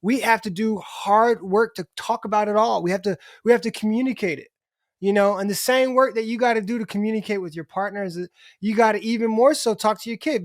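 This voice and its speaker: A middle-aged man with a high-pitched voice talks candidly as a podcast guest in a casual conversation. He restarts his sentences and swears casually, and the recording is clean studio sound with no room noise.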